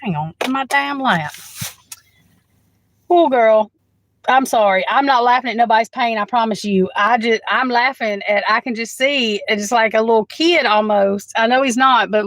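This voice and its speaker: A woman with a fairly high voice gives a live tarot reading, talking straight into her phone. She is chatty and blunt, swears freely, and keeps calling the viewer "girl" between bursts of laughter. It sounds like an off-the-cuff livestream. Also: moderate pace, no room sound, rough recording. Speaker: tarot reader.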